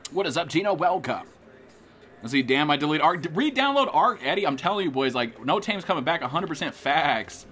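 A young American guy live-streams a game, chatting with viewers and trash-talking with heavy swearing and hype. His voice sits on the high side and is fairly bright with a breathy edge, delivered briskly with lively intonation.

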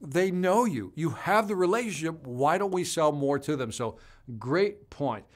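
A man's voice: fairly high pitch, a little slow. Upbeat male sales trainer reading comments. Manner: energetic, conversational, talks straight to viewers. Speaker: sales trainer hosting a live stream. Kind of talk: live-stream chat reading viewer comments.

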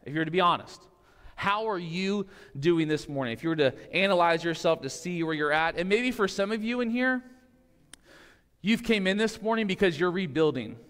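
A man's voice: high voice, animated, moderate pace, fairly bright tone, clean tone, long reverb tail. A man preaching a sermon in a church sanctuary, casual and conversational, often checking in with the congregation. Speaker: pastor.

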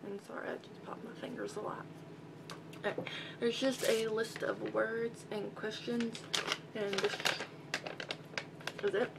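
Slow-talking Southern young woman, laptop hum. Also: a little high, little pitch movement, gravelly. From Albany, Georgia, US. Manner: chatty, reads list aloud, rambling asides. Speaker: vlogger. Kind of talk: casual accent-tag video. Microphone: built-in laptop mic. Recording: loud hum and static from a laptop mic.

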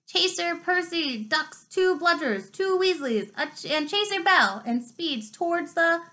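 A woman voicing an excitable teenage boy commentating on a match, loud and drawn out. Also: very high-pitched, measured pace, pitched above the performer's own voice, exaggerated voice. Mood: excited.

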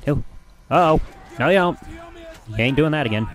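Excitable mildly profane gaming streamer, man. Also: a little high, normal speed. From Michigan, USA. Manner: excitable, mildly profane, talking to himself and the game. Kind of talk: live gameplay commentary. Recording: game noise underneath. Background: game sounds.

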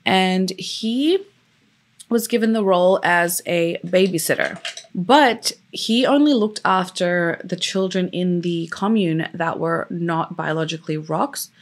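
A woman's voice: lowish voice, slow. Chatty, emotional woman telling a story. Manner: chatty, loose, many fillers; openly emotional about the story. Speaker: true crime YouTuber. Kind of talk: casual storytelling.

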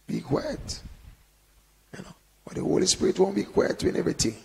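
Gravelly man preaching in a reverberant hall. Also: high-pitched, lively intonation, racing. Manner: conversational preaching with frequent "you know" and sudden loud emphasis. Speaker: Bible teacher. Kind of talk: informal sermon.

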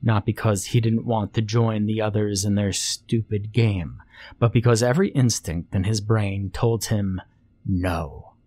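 A man narrating a scary story in a slow, measured storytelling manner. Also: fairly low pitch, steady tone, a little mellow, no room sound. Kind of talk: scripted horror narration.

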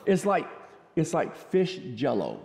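A man preaching a conversational, joking sermon in a church, chatty and quick to laugh. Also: on the high side, huge pitch swings, vocal fry, a little mellow. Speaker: pastor. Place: church sanctuary. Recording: echoey church hall.

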